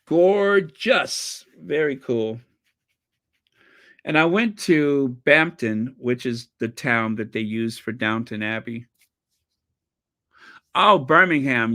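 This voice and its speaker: African American man, unhurried, bright tone, rambling excited storyteller. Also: medium pitch. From United States. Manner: rambling, excitable travel storytelling, pausing to recall. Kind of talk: casual chat.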